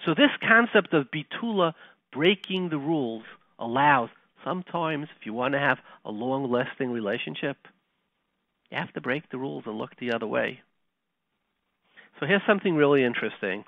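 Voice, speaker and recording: A man's voice: mid-range voice, expressive, normal speed, vocal fry, no echo. A man hosting a Torah talk show, telling a story in a folksy, conversational lecturing way with Hebrew and Yiddish terms. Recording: tinny phone line, dry.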